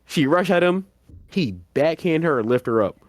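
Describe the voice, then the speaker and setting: A man's voice: fairly high pitch, animated, moderate pace. A man co-hosting a podcast, animatedly recapping an anime plot in casual slang and acting out the characters' lines. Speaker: podcast co-host.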